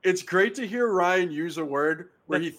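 A man's voice: sits high, unhurried, a bit bright. A man co-hosting a podcast, teasing a co-host in an incredulous tone. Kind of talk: casual banter.

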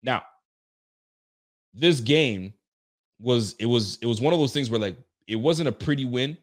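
Brief: male sports fan host, mid-pitch, animated reaction rants, quick laughs. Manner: excitable, ranting, laughs often. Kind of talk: casual reaction commentary.

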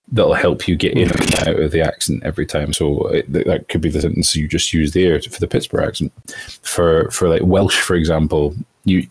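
A man talking as a voice actor guest in a casual interview, thoughtful and halting, often restarting his sentences. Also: extremely low pitch, a little mellow, breathy edge. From outside the United States.

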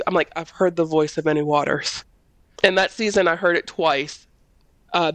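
A woman speaking as a prophet, giving a personal faith testimony in a panel conversation. She tells it as an animated story and acts out the quoted voices in a high tone. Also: no room sound.

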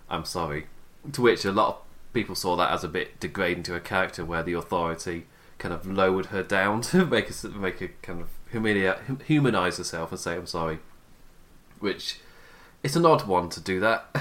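Hosting a laid-back wrestling podcast, this young man speaks with a somewhat bright voice pitched fairly low. His talk wanders, he keeps starting sentences over, and he frequently chuckles at his own expense.

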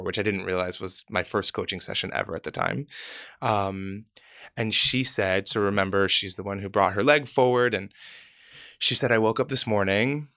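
Man telling a story, bright and lively. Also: on the low side, dry recording, studio quality. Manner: animated, acts out quoted voices. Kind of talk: casual storytelling conversation.

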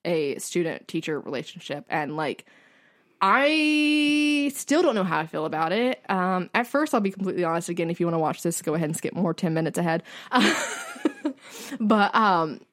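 Young female podcast co-host; chatty, gushing, animated storytelling. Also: lowish voice, normal speed. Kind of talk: casual chat.

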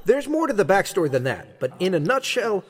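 A man's voice: sits high, big pitch swings, fairly quick, slight background noise. A young man narrating his own story in an audio drama, wry and conversational. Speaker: narrator and lead character.

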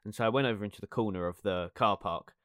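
A man's voice: lowish voice, fast, a bit bright, no echo, studio quality. A young man telling a story in casual podcast chat, rambling with many fillers and laughing often. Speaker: podcast co-host.

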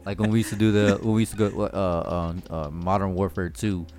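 A man's voice: on the low side, a little fast. A man telling profane stories in casual chat with friends, laughing often. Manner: profane, laughing, animated storyteller.

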